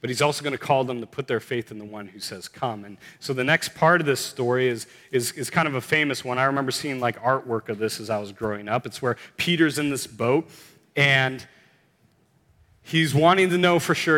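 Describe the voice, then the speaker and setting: A man's voice: medium pitch, a little fast, bright, forceful tone. Earnest preaching man in reverberant hall. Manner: earnest, builds to emphatic exclamations. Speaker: pastor. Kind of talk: sermon.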